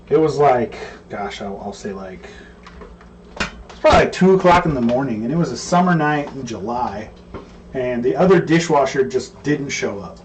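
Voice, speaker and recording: A man and cook, co-hosting and telling a story in a relaxed, rambling way with plenty of fillers. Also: medium pitch, a little hiss or hum. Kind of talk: casual storytelling. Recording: distant mic with faint room ambience.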